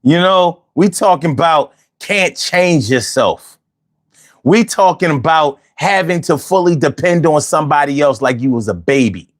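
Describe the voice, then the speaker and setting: A man hosting a casual livestream, talking in slang and repeating phrases for emphasis. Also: mid-range voice. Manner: slangy, peppers speech with "yo". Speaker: livestream host.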